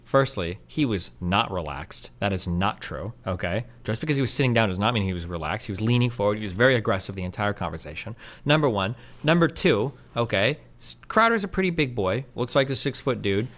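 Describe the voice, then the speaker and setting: A man's voice: fairly low pitch, animated, brisk, few pauses, a bit bright. A man in a heated debate, blunt and sarcastic, swearing and cutting in. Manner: blunt, sarcastic, profane, interrupting. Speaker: debate streamer.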